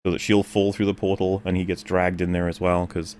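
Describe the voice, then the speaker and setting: A man with a lowish voice talks through a film plot in a casual chat. He hesitates often, stacking ums and uhs and restarting his sentences. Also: little pitch movement, fairly quick, darkish tone, slight background noise. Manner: hesitant, many fillers and restarts. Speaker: stream panelist reviewing a film.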